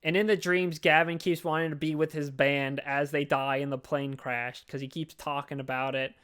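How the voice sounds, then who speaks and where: A man chatting casually about a movie on a podcast, jumping into quick put-on voices for the characters. His voice sits a bit high for a man and sounds smooth and clear. He swears freely as he talks. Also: flat delivery, fairly bright tone. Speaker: podcast co-host. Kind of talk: casual movie recap chat.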